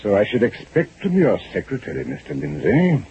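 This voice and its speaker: An actor playing a stern, shrewd police inspector in a 1940s-style radio drama, probing and dryly sarcastic. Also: male voice, fairly low pitch, huge pitch swings, normal speed, a little mellow. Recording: lo-fi old radio recording with faint hiss.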